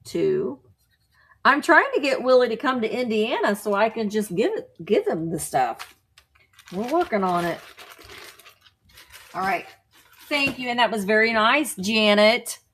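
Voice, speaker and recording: A woman hosts a live online auction of vintage finds and chats playfully as she calls each lot. Her pitch swings up and down with lively, expressive intonation. She keeps a loose, talkative flow and jokes with the items as she handles them. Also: vocal fry. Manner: chatty, playful, talks to the items.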